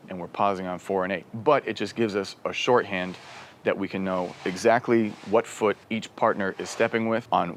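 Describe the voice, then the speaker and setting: Male dance instructor, lowish voice, counts beats aloud while explaining rhythm. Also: a little hiss or hum. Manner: counts beats aloud and vocalizes clave patterns.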